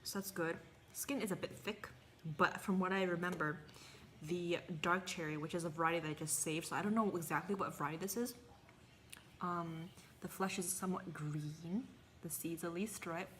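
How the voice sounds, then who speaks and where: A woman with a lowish voice chats casually through a home gardening vlog, hesitant and easygoing as she tastes and talks at once. A faint hum of ambience sits behind her. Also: steady tone, normal speed, a bit bright. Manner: chatty, hesitant, talks while eating. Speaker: gardening vlogger.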